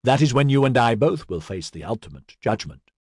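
A man reading the part of an older statesman who gives measured, fatherly counsel in an audiobook. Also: medium pitch, husky, no room sound, clean studio sound. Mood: earnest. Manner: calm, deliberate counsel.

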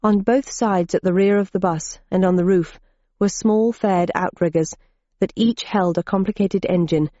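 A woman's voice: on the low side, warm tone, no echo, highs cut off. A woman reading a first-person audiobook in a wry, dry, observant manner. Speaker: audiobook narrator.

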